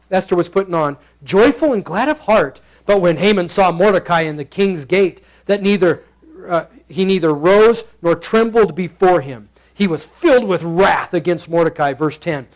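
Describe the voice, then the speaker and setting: Male pastor, high voice, playful sermon delivery that slips into character voices. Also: moderate pace, poor audio. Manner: playful, acts out the characters in bursts. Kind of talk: expository sermon. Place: church sanctuary.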